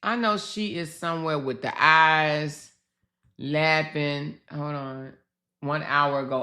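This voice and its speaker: Slow, bright-voiced woman livestream host. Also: low-pitched. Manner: slow, chatty, swearing, talks to viewers. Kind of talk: casual commentary livestream.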